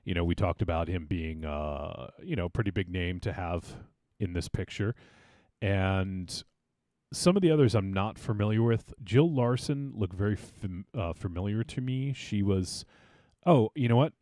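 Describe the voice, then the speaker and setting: Podcast host, male, deep, casual rambly chatter, dry mic. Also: normal speed, dark tone, no echo. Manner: rambling, many fillers and restarts. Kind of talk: casual film discussion.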